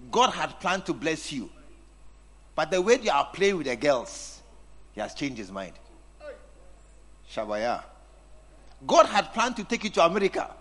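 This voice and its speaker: A man's voice: fairly high pitch, fairly bright tone. A man preaching a sermon, teasing and acting out scenes with his congregation. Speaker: pastor.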